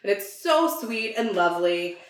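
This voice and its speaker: A woman co-hosting a podcast in casual chat, gushing about a show, swearing freely and filling pauses with ums and likes. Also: medium pitch, lively intonation. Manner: chatty, gushing, swears freely, many fillers. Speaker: podcast co-host. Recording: roomy echo.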